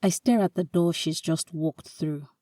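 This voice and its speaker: A woman reads a romantic story aloud with calm, measured narration. Her voice is low and mellow, and her pace is slow. The recording is dry, with the mic set a little away from her. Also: no room sound, distant mic. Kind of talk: reading a romantic short story.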